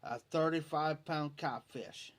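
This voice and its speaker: A man's voice: on the high side, slow pace. A man telling a long, rambling fishing story on a livestream in folksy rural speech, repeating "I said" over and over. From Ohio. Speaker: livestream host. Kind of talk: casual storytelling.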